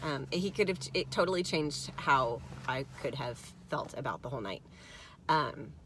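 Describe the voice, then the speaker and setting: A middle-aged woman vlogging, telling a story in a gravelly, tired voice and mimicking the people she quotes. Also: extremely low pitch, normal speed, a little hiss or hum. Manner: animated, mimics others in quotes. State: gravelly from little sleep. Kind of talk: casual storytelling to camera.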